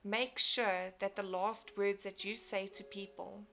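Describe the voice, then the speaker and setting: Earnest woman, slight gravel. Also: medium pitch, fairly even intonation, measured pace, a bit bright. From South Africa. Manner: earnest, repeats and restarts phrases. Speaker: host reading viewer comments. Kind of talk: casual motivational live stream.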